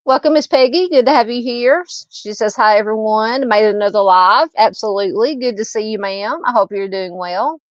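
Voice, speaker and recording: A woman's voice: fairly high pitch, normal speed, hardly any pauses, no room sound. A Southern woman hosting a true crime livestream, talking loosely and casually with lots of fillers. She is recorded dry and close, on a slightly muffled, dull-sounding mic. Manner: chatty, warm to viewers, frequent fillers and laughs. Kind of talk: casual livestream chat reading comments.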